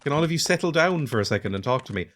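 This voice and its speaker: A man's voice: mid-range voice, animated, rapid-fire, fairly bright tone. A man hosting a let's play, giving casual, chatty commentary that mocks himself as he plays. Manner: chatty, self-mocking, laughs often.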